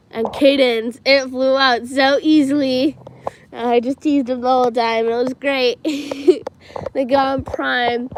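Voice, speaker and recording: A teenage girl chats through a livestream in a slightly high, unhurried voice, giggling and saying "like" and "um" a lot. There is clear noise in the background of the home stream. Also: darkish tone, rough recording. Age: teens. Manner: chatty, giggly, many fillers like "like" and "um". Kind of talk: casual livestream storytelling.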